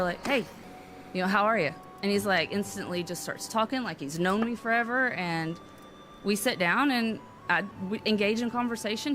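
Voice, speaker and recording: Rambling woman telling her story. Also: mid-range voice. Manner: rambling, many fillers and restarts. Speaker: interview guest, author. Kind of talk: conversational storytelling.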